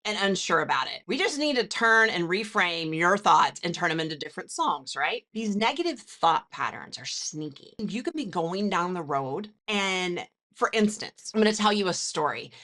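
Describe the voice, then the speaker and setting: A woman's voice: fairly low pitch, bright, forceful tone. A woman podcast host and counselor giving an earnest, motivational self-help talk and speaking directly to the listener.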